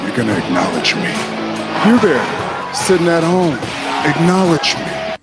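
A man doing a booming wrestler demanding acknowledgment. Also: sing-song, unhurried, loud music behind the voice. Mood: commanding.

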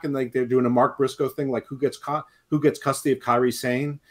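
A man's voice: mid-range voice, level tone, fairly quick, hardly any pauses. A man co-hosting a wrestling podcast, talking in a rambling, emphatic way and criticizing the show. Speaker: podcast co-host. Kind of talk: casual wrestling talk.

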